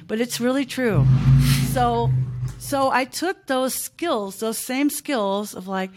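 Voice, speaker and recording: A woman's voice: on the high side, normal speed. A woman in her fifties, a small business owner talking as a podcast guest in a chatty, emphatic way, often checking in with "right?" and "okay?". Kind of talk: casual podcast interview.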